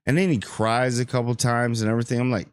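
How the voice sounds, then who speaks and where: A man giving a casual, rambling spoiler review of a TV episode, joking and acting out characters in quick asides. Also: mid-range voice, steady tone, clear, resonant tone, no echo, studio quality. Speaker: show reviewer.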